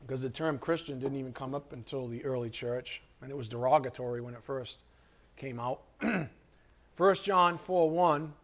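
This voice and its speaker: A man preaching a sermon in an animated way, reading scripture and acting out everyday conversations. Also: mid-range voice, moderate pace. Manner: animated, acts out quoted voices. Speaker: pastor.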